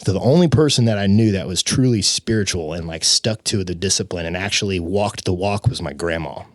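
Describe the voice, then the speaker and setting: A young man, a podcast guest, telling his personal story with emotion, animated and acting out the voices of the people in it. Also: low voice, a little fast, no echo, clean studio sound. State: tearful.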